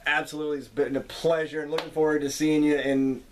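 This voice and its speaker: A man's voice: fairly high pitch, little pitch movement, fast, a loud crowd. Easygoing young male host. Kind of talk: casual interview chat.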